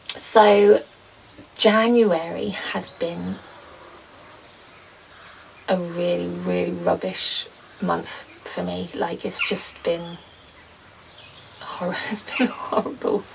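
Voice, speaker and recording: A young woman vlogging casually from her garden potting shed, rambling with lots of ums and soft laughs. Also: fairly low pitch, vocal fry, far from the mic, a little hiss or hum, poor audio. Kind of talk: casual chat to camera.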